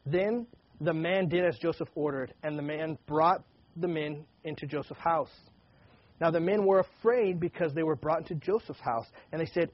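A man reading Bible passages aloud and retelling them in a casual, animated way, with frequent restarts. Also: fairly high pitch, moderate pace, lo-fi sound. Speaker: pastor. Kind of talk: Bible teaching, reading and commenting.

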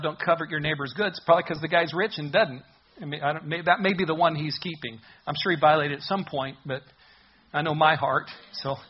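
Husky-voiced man preaching a sermon. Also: on the high side, highs cut off. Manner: earnest, emphatic preaching with slowed stresses. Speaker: pastor.

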